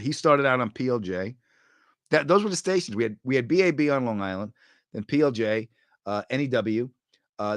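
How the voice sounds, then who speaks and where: A middle-aged man hosting a podcast, chatting casually, telling animated stories and tossing off quick quips. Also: mid-range voice, no echo, clean studio sound. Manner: animated storyteller, quick quips and movie-line impressions. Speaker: podcast host. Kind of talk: casual chat reading viewer comments.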